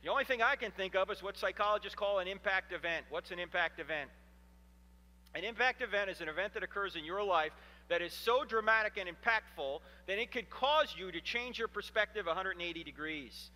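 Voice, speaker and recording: A man in his fifties giving an animated, humorous storytelling lecture to a live audience in a hall. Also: high-pitched, brisk. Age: 50s. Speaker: Christian apologetics speaker.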